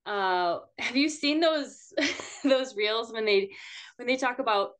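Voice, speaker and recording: A woman's voice: a little high, expressive, takes it slowly, a bit bright. A woman, a mother of six, chatting casually as a podcast guest, laughing often and using lots of fillers.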